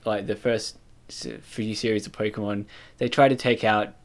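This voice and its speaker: Low-voiced man chatting casually. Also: moderate pace. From Australia. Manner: relaxed, rambling, many fillers. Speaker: podcast co-host. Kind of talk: casual chat.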